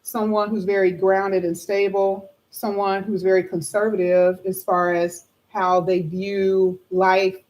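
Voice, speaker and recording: A woman giving a tarot card reading to her viewers, chatty and animated, her voice a little hoarse. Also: medium pitch, unhurried, hardly any pauses, poor audio. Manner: animated, excited exclamations, chatty asides to viewers. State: slightly hoarse. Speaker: tarot reader.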